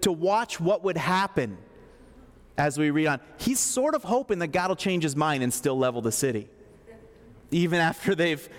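High-voiced joking preacher in a reverberant hall. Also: male voice. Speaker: pastor. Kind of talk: sermon.

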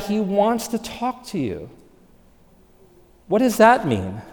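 Animated male preacher in a reverberant hall. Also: sits high, slow pace, pauses often. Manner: animated, swings from loud emphasis to hushed softness. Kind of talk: sermon. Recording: long reverb of a large hall.

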